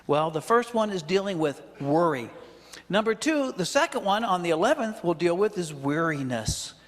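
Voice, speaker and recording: A man's voice: high voice, sing-song, normal speed, long reverb tail. A male pastor preaching a sermon, talking conversationally with chuckling asides and questions to the congregation. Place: church sanctuary.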